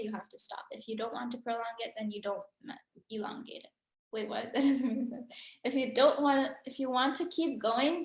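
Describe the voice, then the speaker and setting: A woman's voice: a little high, roomy sound. A woman teaching a Quran recitation class over a video call, chatty and full of filler words. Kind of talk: casual online class teaching.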